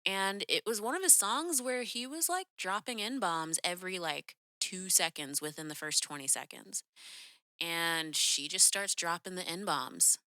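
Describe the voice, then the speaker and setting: A woman's voice: lowish voice, lively intonation, unhurried, sharp tone, no echo, studio quality. A young woman hosting a podcast, telling a story in a chatty, casual way full of "like" and "um". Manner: chatty, lots of "like" and "um", acts out quoted voices. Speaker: podcast host.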